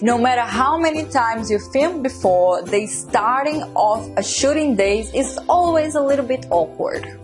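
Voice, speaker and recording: Woman giving video tips over music. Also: on the high side. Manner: playful, upbeat. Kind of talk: casual tips to camera.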